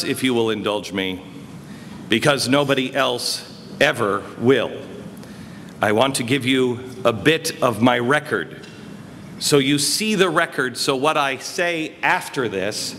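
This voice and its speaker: A man giving an emphatic political speech at a conference, his voice swinging between quiet and loud. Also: medium pitch. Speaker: speaker. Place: conference hall. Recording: reverberant hall, faint noise.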